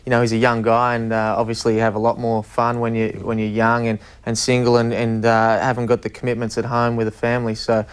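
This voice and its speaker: A man giving measured studio analysis of a player. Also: mid-range voice, monotone, clear, resonant tone.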